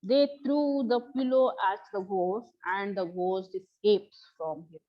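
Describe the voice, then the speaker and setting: A woman's voice: mid-range voice, expressive, measured pace. A woman teacher, explaining a story to a class and repeating each line in her own words. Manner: explanatory, repeats and paraphrases lines. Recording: slightly dull lo-fi recording.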